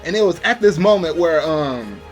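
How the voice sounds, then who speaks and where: A man's voice: a little high, animated, moderate pace, soft background music. A man casually reviewing an anime episode, rambling with many fillers.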